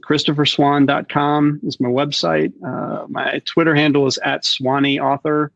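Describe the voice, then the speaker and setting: A middle-aged man with a gravelly voice, an author guest, chats freely in an interview. His voice is dry and close on a dull, lo-fi line. He laughs often and tells stories with quick asides. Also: fairly high pitch, little pitch movement, a bit bright, no room sound. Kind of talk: casual interview chat. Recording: dull lo-fi call audio.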